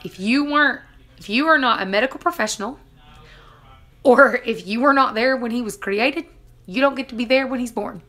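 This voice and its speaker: Lady in her 30s chatting on a livestream, bright voice, laughs a lot, does everyone's lines. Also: fairly high pitch, a little fast. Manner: chatty, laughs often, acts out quotes. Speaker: vlogger reading live chat. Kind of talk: casual live-stream storytelling.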